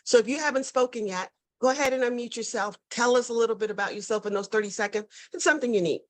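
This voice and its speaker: A woman's voice: a little high, quick pace. A woman from New York hosting an online networking call. She talks in an upbeat, chatty way and sometimes repeats words. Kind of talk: lively casual hosting. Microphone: video call.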